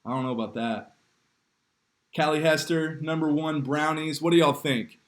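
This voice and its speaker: A man's voice: fairly high pitch, steady tone, moderate pace. A young man, leading a livestreamed youth group game, upbeat and joking as he reads names from the chat. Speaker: youth pastor. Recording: echoey room.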